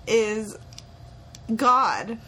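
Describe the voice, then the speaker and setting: A young woman with a high, bright voice that swings up and down a lot, talking in loose, casual chat. She is blunt and laughs easily, and she swears without a second thought. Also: big pitch swings, extremely slow, slight background noise. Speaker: podcast co-host.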